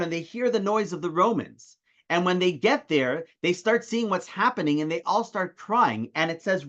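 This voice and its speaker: A male rabbi teaches from his desk, spinning an animated story and raising his voice to act out the rabbis. His voice sits a little high. The sound is dull and lo-fi, like an online call. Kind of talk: weekly online Torah class.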